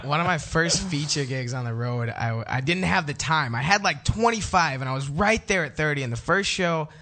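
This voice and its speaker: A man's voice: on the high side, normal speed. A young man, a stand-up comedian, telling stories animatedly in casual chat. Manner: animated storyteller, acts out quotes.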